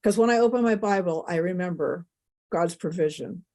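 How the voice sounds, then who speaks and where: A woman's voice: on the low side, normal speed, a little mellow. A middle-aged woman, a podcast guest, telling a personal story in an emotional, rambling way with many asides.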